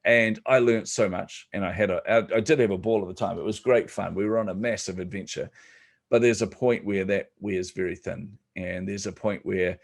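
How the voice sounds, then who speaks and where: A middle-aged man, a podcast guest telling his business story in a relaxed, joking way. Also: on the low side, moderate pace, gravelly. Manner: relaxed, joking, many ums. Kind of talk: casual storytelling interview.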